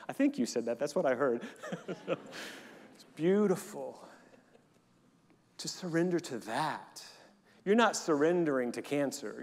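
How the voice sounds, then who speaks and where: A man preaching a sermon to his congregation, leading them in call-and-response. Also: mid-range voice. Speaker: pastor. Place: church sanctuary during a service. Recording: long hall reverb in a church.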